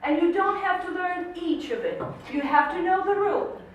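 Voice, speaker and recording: Recorded from afar on a camera mic in an echoey classroom, a woman with a very high-pitched voice teaches English at a moderate pace. The audio is muffled with slight background noise, and she encourages the class patiently, asking lots of questions as she explains.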